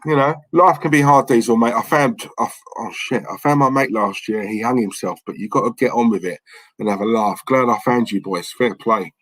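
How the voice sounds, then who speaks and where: A man's voice: mid-range voice, a little fast, a bit bright, no echo, rough recording. A man hosting a live stream, chatting in a blunt, rambling way and reading out viewer messages. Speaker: livestream host. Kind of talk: casual live-stream chat.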